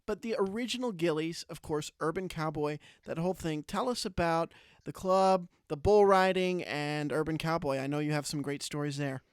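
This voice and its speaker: Interviewing man with a higher voice. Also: moderate pace, few pauses, smooth, no echo, studio quality. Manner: affirming, prompts with questions. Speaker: podcast host.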